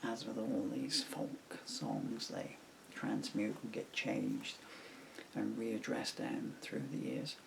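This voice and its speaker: An older Englishman reminisces rambling-style to a camera at home, his lowish, fry-tinged voice very animated yet slow, full of fillers and asides. He's a songwriter, recorded on the camera mic with background noise.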